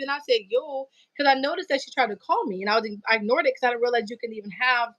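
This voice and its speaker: A woman hosting a live stream, chatting casually and telling animated stories full of slang and acted-out quotes. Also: fairly high pitch, fast talker, hardly any pauses, dry recording, lo-fi sound. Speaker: livestream host. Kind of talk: casual chat.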